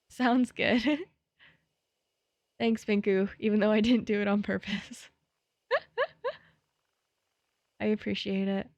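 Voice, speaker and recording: A woman's voice: mid-range voice, slow, long pauses, darkish tone, no echo. Playful young woman streamer, dry close sound. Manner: playful and chatty, jittery when scared. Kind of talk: live game stream, reading game text aloud.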